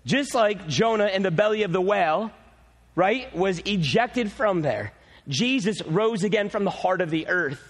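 Pastor guy preaching, lively storyteller, high voice, big echoey church sound. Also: unhurried. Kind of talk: sermon. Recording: long hall reverb.

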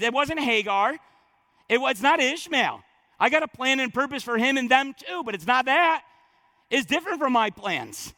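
A man preaching a sermon, reading scripture aloud and breaking into animated, conversational asides. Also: extremely high pitch, moderate pace. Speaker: pastor.

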